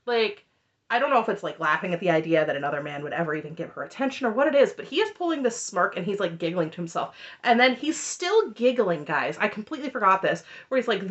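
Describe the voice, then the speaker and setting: A woman's voice: medium pitch, big pitch swings, fast, dull audio. A woman recapping a reality show in casual commentary, sarcastic and exasperated. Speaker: recap vlogger.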